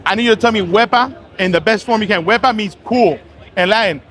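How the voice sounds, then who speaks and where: Playful hustling man, high voice. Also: fast talker. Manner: loud, playful, hustling banter. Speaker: HVAC contractor and YouTuber. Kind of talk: casual vlog chat while networking. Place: convention hall trade show floor.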